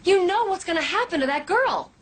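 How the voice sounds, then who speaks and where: A woman's voice: medium pitch, lively intonation, a little fast, background noise, lightly acted. A woman playing a firm, clipped female cop. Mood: tense. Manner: firm, clipped, resists pressure. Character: tough young female cop, principled and guarded. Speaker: police officer. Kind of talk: TV movie acting.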